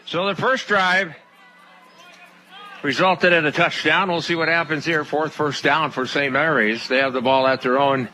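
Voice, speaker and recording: A man calling a small-town football game play by play, with a voice sitting a bit high for a man. He rattles off the action briskly, then loosens into easy chat between plays. Outdoor field noise runs steadily behind him. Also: steady tone, pushed and bright. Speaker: play-by-play announcer. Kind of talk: local radio football commentary.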